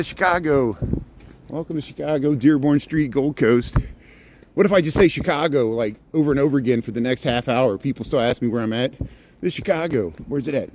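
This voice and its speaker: A man's voice: mid-range voice, slight background noise. Rambling, sarcastic man streaming from outdoors. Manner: rambling and joking, sarcastic asides, greeting chat viewers. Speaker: livestreaming street-walk host. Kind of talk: chatty live-stream commentary. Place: outdoors on a snowy city sidewalk.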